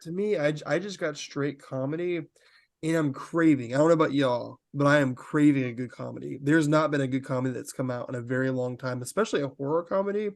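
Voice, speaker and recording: A man co-hosting a podcast, talking in a rambling, animated way with lots of fillers. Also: medium pitch, fast, no echo, studio quality. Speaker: podcast co-host. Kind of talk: casual podcast chat.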